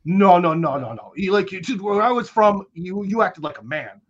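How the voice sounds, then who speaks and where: Brief: American male guest, higher-than-average voice, rambling slang-heavy storyteller, muffled lo-fi capture. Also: expressive, normal speed, fairly bright tone, slightly rough. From United States. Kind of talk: casual conversational storytelling.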